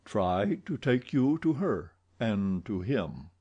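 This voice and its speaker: Audiobook role: a man voicing a mysterious grave older man, measured and deliberate, mellow warm tone. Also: fairly low pitch, sing-song, slightly rough, full character voice. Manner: slow, grave, sighing.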